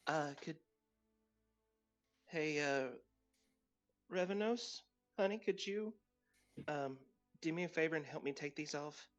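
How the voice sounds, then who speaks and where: A woman playing in a tabletop game, slipping between halting in-character lines and soft narration of her character. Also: sits low, faint music behind. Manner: mixes halting in-character speech with soft asides. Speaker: player. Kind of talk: tabletop role-play chat.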